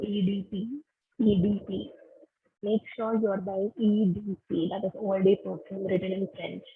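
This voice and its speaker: A woman's voice: medium pitch, breathy edge. A woman from India teaching a webinar on personal presentation, giving direct instructive tips. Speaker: webinar trainer. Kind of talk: online training lecture. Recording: tinny phone-line webinar audio.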